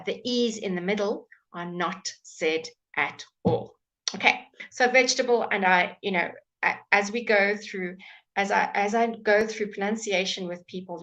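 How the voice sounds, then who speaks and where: A woman teaching a live online English pronunciation lesson from home, patient, repeating words slowly for learners to copy, with dry asides and soft laughs. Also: mid-range voice, rough recording.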